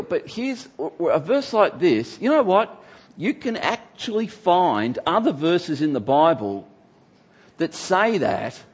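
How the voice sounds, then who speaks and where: A man's voice: on the high side, husky. A man teaching from the Bible in a conversational sermon, emphatic and acting out the people he quotes.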